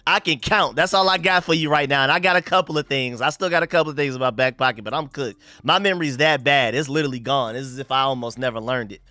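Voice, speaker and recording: A young American man hosts a live sports stream, reading viewer comments in loose, slangy chat full of rambling restarts. His mid-range voice moves quickly with hardly a pause, sounding pushed and bright, with no echo.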